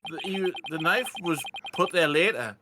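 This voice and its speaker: A man's voice: fairly high pitch, animated, moderate pace, sharp tone, slight background noise. A man joking playfully in casual chat while playing a game with friends. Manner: playful, jokey. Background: game music.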